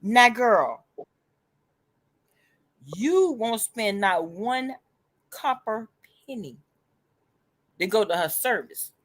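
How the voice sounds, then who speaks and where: A woman's voice: mid-range voice, very animated, extremely slow, pauses often, no echo. Blunt, profane woman. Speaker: vlog co-host. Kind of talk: casual chat.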